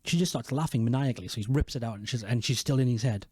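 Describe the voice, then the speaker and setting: A man's voice: medium pitch, fast, mellow, breathy edge, dry recording. A man talks through a show recap in a loose, rambling way, swearing freely and stopping to correct himself. His voice sits in a mid male register. It is recorded close and dry, with no room sound. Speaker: video host. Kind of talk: casual reaction commentary.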